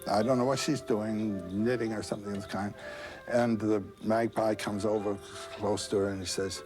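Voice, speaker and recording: Brief: male storyteller, conversational, pauses with fillers, faint music underneath. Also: on the low side, rough recording. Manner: halting, with many uh fillers and asides. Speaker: guest storyteller. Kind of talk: retelling a myth in conversation.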